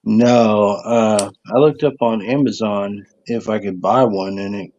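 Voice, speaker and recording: A man's voice: fairly low pitch, fairly even intonation, unhurried, a little mellow, muffled recording, a little hiss or hum. A man chatting casually on a call in a laid-back, swearing way. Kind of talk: casual chat.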